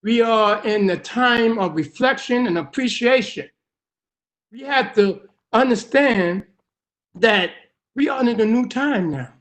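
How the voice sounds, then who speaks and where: A man's voice: extremely high pitch, expressive, takes it slowly, fairly bright tone. A man in his sixties giving emotional public testimony over a remote call, his voice rising into urgent pleading.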